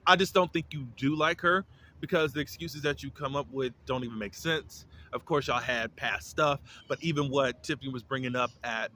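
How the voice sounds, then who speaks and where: A man's voice: mid-range voice, normal speed, bright, forceful tone, slight background noise. A man giving a casual, opinionated recap of a TV episode, with lots of fillers and restarts. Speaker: reality TV reviewer.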